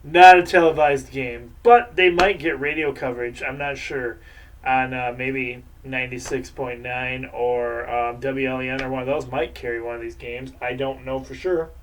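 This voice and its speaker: A man's voice: medium pitch, fairly even intonation, normal speed, recorded from a distance, a little hiss or hum. A man hosting a local sports show, giving casual, rambling game picks and previews.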